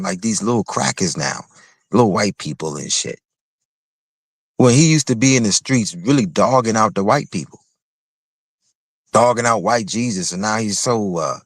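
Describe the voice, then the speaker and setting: A man's voice: lowish voice, gravelly, slightly rough, no echo. A man hosting a livestream, delivering a heated, confrontational commentary rant with repetitive, mocking phrasing. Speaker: livestream host.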